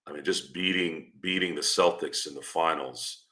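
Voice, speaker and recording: A man's voice: a bass voice, moderate pace, pushed and bright. A man hosting a casual sports stream, rambling and teasing the people in his chat. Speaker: podcast host.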